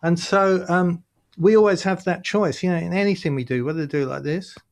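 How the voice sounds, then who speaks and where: A man's voice: sits high, brisk, gravelly. Chatty man telling stories. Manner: animated storyteller, acts out quoted voices, laughs often. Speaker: guest, workshop leader. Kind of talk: casual interview chat.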